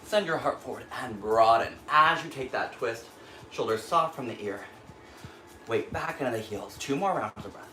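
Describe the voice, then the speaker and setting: A man's voice: mid-range voice, normal speed, reverberant, a little hiss or hum, poor audio. A man leading a yoga class, calling out breaths and poses while doing them himself, a little short of breath, with an American accent. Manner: calm cueing of breath and poses, breathy while moving through the flow. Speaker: yoga instructor. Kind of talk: guided yoga class cues. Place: yoga studio.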